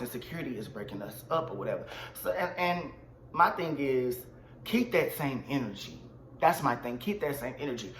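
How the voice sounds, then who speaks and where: A man tells a storytime vlog in a dramatic, slangy, animated way. His voice is bright and forceful. The room echoes, with faint ambience behind him. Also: medium pitch, slight background noise. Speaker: vlogger.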